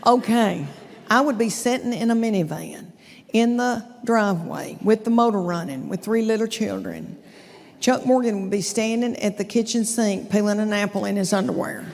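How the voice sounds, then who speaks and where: A woman's voice: medium pitch, moderate pace, vocal fry, a little mellow, in a large hall. Chatty Southern woman doing stand-up. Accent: Southern American. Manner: chatty, drawling, addresses the audience directly. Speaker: stand-up comedian. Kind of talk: stand-up comedy set. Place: theater stage before a live audience.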